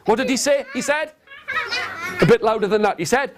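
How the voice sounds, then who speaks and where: A man telling an interactive story to nursery children in a classroom, animated and coaxing, getting them to copy his gestures. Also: high-pitched, a little fast, pauses often, background noise. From England. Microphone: video camera. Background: guitar.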